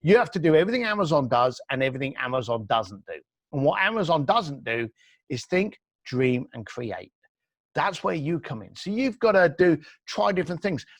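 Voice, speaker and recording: Casting man guest, animated, blunt storyteller, raised pitch, swinging intonation, dry close sound. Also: normal speed, dry recording. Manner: blunt, energetic, acts out quoted dialogue. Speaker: entrepreneur guest.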